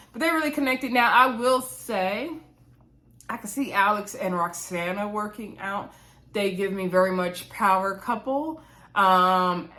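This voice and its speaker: A woman casually reviewing a reality dating show, chatty and gossipy, with playful asides, quick laughs and lots of fillers. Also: mid-range voice, fairly bright tone.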